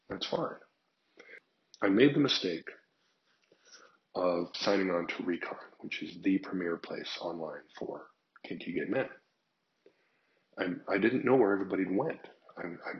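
Older guy with a really deep voice, blunt animated stories, kinda muffled lo-fi sound. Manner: frank, animated storytelling with acted quotes. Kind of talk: casual monologue.

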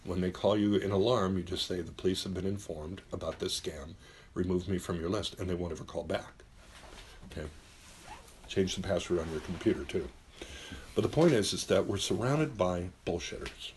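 A man's voice: low voice, moderate pace, darkish tone, a little hiss or hum. A middle-aged man hosting a talk show, giving blunt, emphatic advice with plenty of swearing and acted-out quotes. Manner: acts out quoted voices. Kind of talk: casual advice monologue.

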